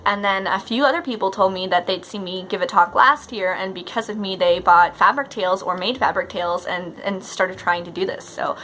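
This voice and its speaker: A woman's voice: mid-range voice, brisk, hardly any pauses, sharp tone, slight background noise. A chatty, bubbly woman, talking casually to the camera in a vlog. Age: 30s. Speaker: professional mermaid vlogger.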